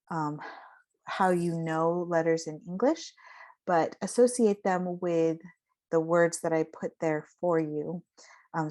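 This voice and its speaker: A woman giving a phonetics lesson, slowly modeling vowel sounds and example words. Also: low-pitched, warm tone. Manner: slow, careful, modeling sounds. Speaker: teacher.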